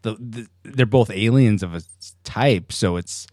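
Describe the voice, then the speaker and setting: A man hosting a casual podcast chat, lively and joking, often laughing. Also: fairly low pitch, measured pace, no echo, clean studio sound. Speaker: podcast host.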